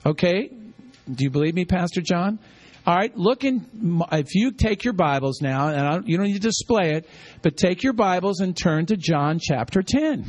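A man's voice: sits high, animated, normal speed, a little mellow. A man preaching a sermon, teaching with call-and-response and repeating key lines for the congregation. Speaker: pastor.

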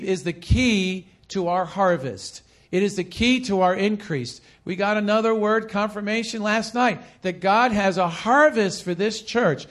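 A man preaching a sermon as pastor, calling on the congregation to repeat phrases and hammering points home by repetition. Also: sits high. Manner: animated preaching with call-and-response.

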